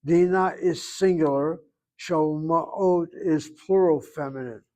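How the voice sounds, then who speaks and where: A man with a somewhat high-pitched voice leads a Hebrew grammar lesson in a classroom. He explains slowly and deliberately, lingering over pronunciations with a dry, self-assured tone. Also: warm tone. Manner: slow, explaining, drawn-out pronunciations. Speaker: Hebrew teacher.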